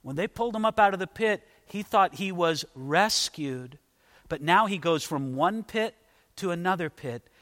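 A man's voice: sits high, expressive, normal speed, fairly bright tone, in a large hall. A man preaching a sermon, dramatically acting out Bible figures as he tells the story. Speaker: pastor.

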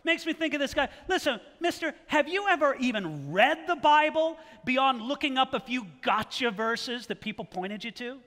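A male pastor preaching a sermon in an animated style, firing rhetorical questions and challenges at his listeners. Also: extremely high pitch, normal speed, few pauses. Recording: long hall reverb.

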